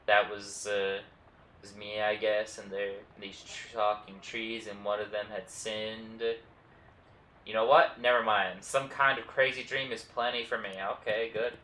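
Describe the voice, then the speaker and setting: Slow-reading streamer man, echoey room. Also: lowish voice, little pitch movement, bright, forceful tone. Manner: reads game text aloud, adds quick asides. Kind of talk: game playthrough, reading dialogue aloud. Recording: roomy, distant mic with faint noise.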